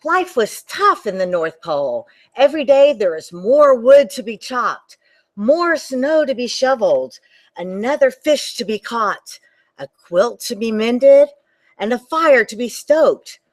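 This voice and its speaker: A woman librarian reading a picture book aloud to children, animated and talking to them directly. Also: a little high, a little slow. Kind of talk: children's storytime read-aloud.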